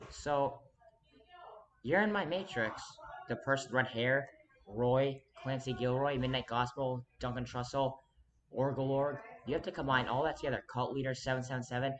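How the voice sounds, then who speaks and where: A vlogger with a mid-range, fairly bright voice talks straight to the camera at a moderate pace. His monologue is earnest and insistent but rambling and restless, full of restarts and sudden emphatic jumps between thoughts.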